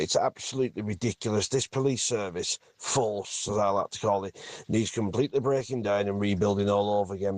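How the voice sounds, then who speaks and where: Northern English male caller, low-ish and forceful, dry close sound. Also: no echo. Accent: Northern English, Wigan. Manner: indignant, forceful.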